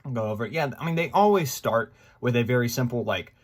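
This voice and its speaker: A man in his twenties talking to his viewers in a casual, rambling vlog, excitable and full of fillers. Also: medium pitch, fast talker. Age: 20s. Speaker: gaming YouTuber.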